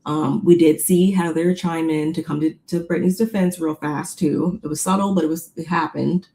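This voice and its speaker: A woman co-hosting a casual recap chat, retelling scenes in an animated way with quoted voices. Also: low-pitched, moderate pace. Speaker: podcast co-host recapping a reality show.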